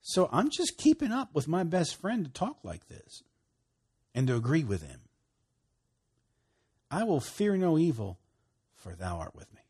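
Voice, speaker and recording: A man preaching a sermon, emphatic, moving between loud bursts and hushed, quiet lines. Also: a little high, wildly swooping pitch, unhurried, long pauses, slightly rough. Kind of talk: sermon teaching.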